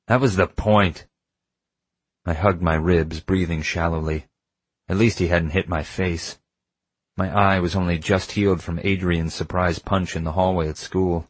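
A man narrating an audiobook in the first person, reading in a measured, intimate way. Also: low-pitched, level tone, dry recording.

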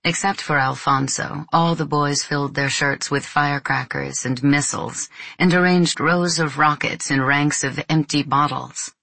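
Low-voiced woman narrating a story. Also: fairly even intonation, measured pace, creaky, hardly any pauses, fairly bright tone, dry recording. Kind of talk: scripted audiobook narration.

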